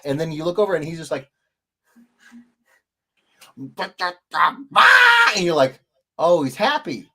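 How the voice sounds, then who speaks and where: A man hosting a casual live stream, telling stories in a rambling, animated way with many restarts. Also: a little high, slow, pauses often. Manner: rambling, self-interrupting, animated storytelling. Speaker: livestream host. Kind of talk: casual chat.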